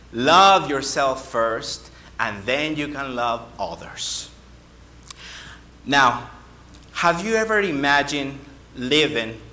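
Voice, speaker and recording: A man giving a speech-contest oration, slow and emphatic, with dramatic pauses. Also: on the high side, bright, forceful tone, a little hiss or hum. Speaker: contest speaker. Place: hall. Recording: echoey hall.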